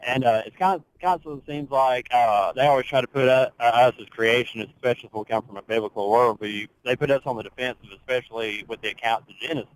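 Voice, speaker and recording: A man calls in to a radio show to make a comment. He speaks hesitantly and stumbles over his words. His voice sits at an average pitch for a man. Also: quick pace, hardly any pauses, poor audio. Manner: hesitant, many fillers and restarts. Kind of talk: phone-in comment.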